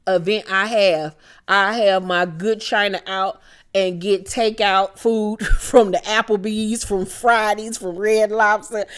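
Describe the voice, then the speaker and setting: A woman doing a casual, profane reality TV recap, blunt and sassy, who laughs and mimics the cast. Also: mid-range voice.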